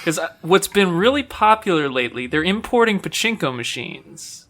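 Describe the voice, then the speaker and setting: Laughing, lively-voiced game player. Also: normal speed. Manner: laughing, pitching ideas. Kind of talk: casual tabletop play.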